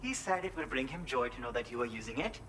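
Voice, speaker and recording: An actor playing a grateful son in a video game, speaking in a formal, polite and measured way. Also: male voice, mid-range voice, expressive, over a noisy crowd, natural voice. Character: grateful adult son of a survey expedition member.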